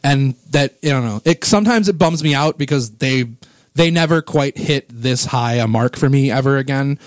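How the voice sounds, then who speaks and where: A man in his thirties or forties hosts a laid-back music podcast, rambling eagerly and growing emotional over records he loves. His medium-pitched voice moves at a moderate pace, recorded on a close mic with no echo.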